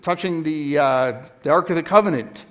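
A man's voice: a little high, normal speed. A man preaching a sermon in a conversational teaching style, often stopping to correct himself. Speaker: pastor.

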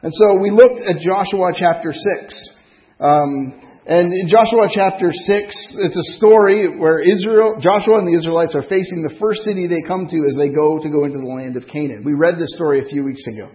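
A male pastor with a French accent gives a relaxed, conversational sermon, full of little fillers and questions to the room. His voice sits a bit high, and the recording has a dull, lo-fi sound. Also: moderate pace. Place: church hall.

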